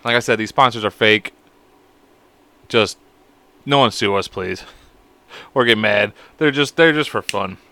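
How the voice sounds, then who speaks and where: A man's voice: on the low side, measured pace, pauses often, sharp tone, no echo. A man hosting a podcast alone, rambling in a crude, profane, self-mocking way. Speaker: podcast host. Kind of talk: casual solo podcast chat.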